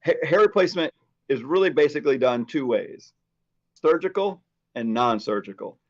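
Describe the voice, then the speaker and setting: A man's voice: on the high side, normal speed, muffled recording. A man co-hosting a casual chat show, telling stories as a hair replacement specialist. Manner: chatty storyteller, animated.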